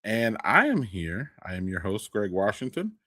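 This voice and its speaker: A man hosting a casual live stream chat, folksy and animated. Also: fairly low pitch, moderate pace, no echo, clean studio sound. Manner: animated, folksy, says y'all. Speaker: podcast host.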